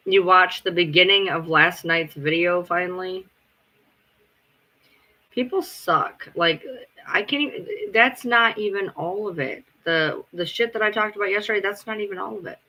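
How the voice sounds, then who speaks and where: Bright-voiced, swearing streamer guy. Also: high-pitched, normal speed. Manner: rambling, profane, answers chat. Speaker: live streamer. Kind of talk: casual live-stream chat.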